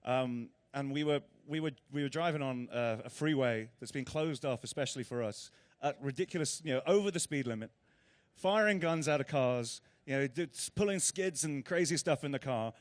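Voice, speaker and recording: A man's voice: medium pitch, normal speed. An English man from Britain, an actor guest telling rambling anecdotes with many fillers and restarts in a casual interview.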